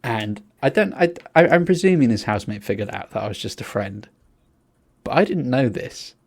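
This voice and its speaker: A man's voice: mid-range voice, normal speed. A young man, co-hosting a podcast, telling a story in a casual chat and acting out the quotes with lots of laughter. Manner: animated storyteller, acts out quotes, laughs a lot. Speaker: podcast co-host.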